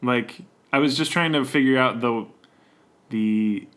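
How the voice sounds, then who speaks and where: Man, casual comedy podcast chat, rambling, laughs a lot, mid-pitched voice. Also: unhurried, a bit bright. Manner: rambling, joking, laughs often. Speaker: podcast co-host.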